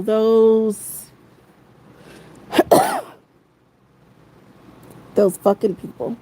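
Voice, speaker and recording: A woman rants angrily into her phone on a livestream, swearing freely and circling back to the same phrases again and again. Her voice is warm and mellow, with a soft, dark tone even as she gets heated. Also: medium pitch, slow, pauses often, low-quality recording. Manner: heated, profane, repeats phrases. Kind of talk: angry livestream rant.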